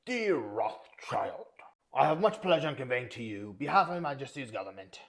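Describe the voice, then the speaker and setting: A man's voice: mid-range voice, very animated, normal speed, a bit bright. A man putting on a mock British accent to voice a pompous official reading a letter in a stiff, exaggerated, formal way.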